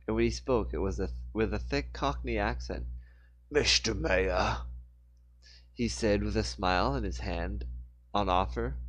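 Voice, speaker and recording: A man's voice: on the low side, husky. A man reading a novel aloud informally, sometimes stumbling and correcting himself. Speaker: audiobook reader. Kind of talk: casual book reading aloud.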